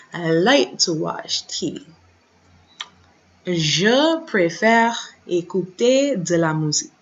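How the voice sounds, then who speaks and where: Woman teacher, lowish voice, unhurried and careful, repeats words for practice; dull desk-mic recording. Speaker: French teacher. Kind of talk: recorded online lesson.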